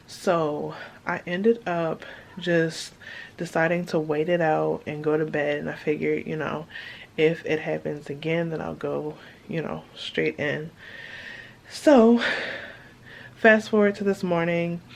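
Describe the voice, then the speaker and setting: A woman's voice: low-pitched, steady tone, a little slow, creaky, slight background noise. A woman chatting casually through a vlog update, with lots of fillers. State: out of breath. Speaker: vlogger. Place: car, then hospital room.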